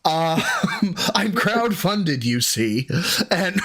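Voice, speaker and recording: A man's voice: high voice, big pitch swings, extremely slow, a bit bright, slight background noise. A man hosting a casual online talk show, joking and acting out phone calls with lots of laughter. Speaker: podcast host. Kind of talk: casual chat.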